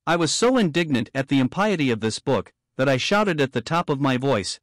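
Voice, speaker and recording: A man reading a devotional story aloud in measured, earnest first person. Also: mid-range voice, big pitch swings, no room sound, studio quality. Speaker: audiobook reader.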